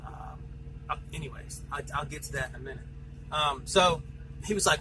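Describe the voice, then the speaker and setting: A man's voice: on the high side, fairly quick, sharp tone, a little hiss or hum, low-quality recording. A man working as a truck driver, venting angrily in a vlog, swearing and retelling heated phone calls.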